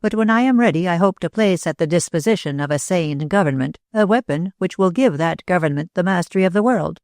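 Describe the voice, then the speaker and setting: Storybook part: a brooding little old inventor, grave and deliberate, read by a woman with a low voice. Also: expressive, darkish tone, no room sound, clean studio sound. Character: older male inventor, small, brooding, intense.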